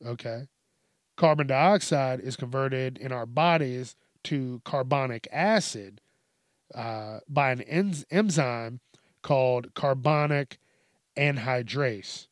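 A man's voice: mid-range voice, no echo. Profane ranting man, dry close sound. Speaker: host. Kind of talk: casual news commentary.

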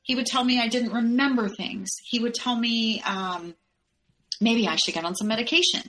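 A woman's voice: on the high side, moderate pace, fairly bright tone, poor audio. A woman, a podcast guest, telling a personal story step by step in the present tense.

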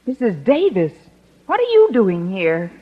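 An actress playing a sly, wisecracking schoolteacher in a 1940s radio sitcom, talking in a sardonic, playfully mock-tearful way. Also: female voice, medium pitch, huge pitch swings, measured pace, narrow, tinny audio, background noise. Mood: wry. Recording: old radio broadcast, studio audience laughter.

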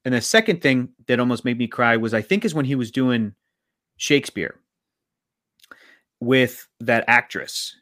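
A man co-hosting a podcast, reviewing a film in casual chat and acting out scenes in quick quoted voices. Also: medium pitch, animated, fairly bright tone, dry recording, studio quality. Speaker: podcast co-host.

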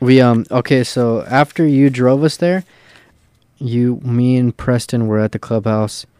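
A man's voice: mid-range voice, fairly even intonation, a little slow, warm tone, smooth, no room sound, clean studio sound. A young man telling a long, loose road-trip story in casual chat, swearing freely and filling his talk with "like". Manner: loose and profane, full of fillers.

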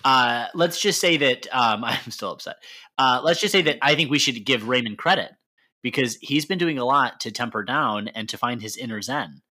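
A man's voice: mid-range voice, moderate pace, bright, forceful tone. A man with a Michigan accent co-hosting a sports podcast, chatty and playful, laughing often. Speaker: podcast co-host. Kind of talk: casual chat.

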